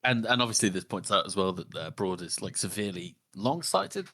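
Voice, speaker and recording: A man's voice: low voice, very animated, a little fast, pushed and bright. A man co-hosting a book podcast, making jokey remarks and chuckling between them. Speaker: podcast co-host. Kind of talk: casual book discussion.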